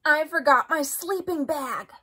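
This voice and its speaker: A woman doing a squeaky little boy frog, whiny and clumsy, voice shooting way up and swinging all over in a kids' storybook reading. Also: wildly swooping pitch, extremely slow, pushed and bright, full character voice. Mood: excited whine. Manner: squeaky high cries, whining. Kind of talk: storybook read-aloud.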